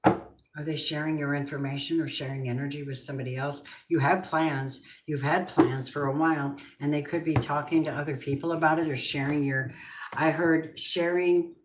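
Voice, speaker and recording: A low-voiced woman reads tarot cards and muses aloud. She asks the cards and spirit questions as she goes. The sound is roomy with a faint hiss. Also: fairly even intonation, normal speed. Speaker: tarot reader. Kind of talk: tarot card reading. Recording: roomy echo.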